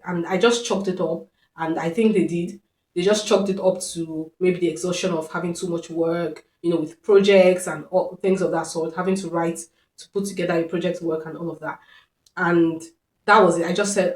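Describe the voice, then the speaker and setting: A woman's voice: fairly low pitch, darkish tone. A woman vlogger telling a personal story in an earnest, reflective way, repeating phrases for emphasis. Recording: roomy echo.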